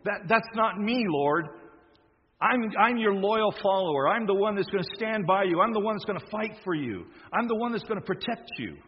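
A man voicing a boastful, eager male disciple in a sermon, raising his voice high and loud. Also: animated, moderate pace, big-room sound, dull audio, a little hiss or hum. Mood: protesting.

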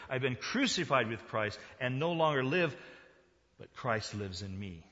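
A male pastor giving a sermon, swinging from quiet talk to loud, emphatic preaching. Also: lowish voice, in a large hall, highs cut off.

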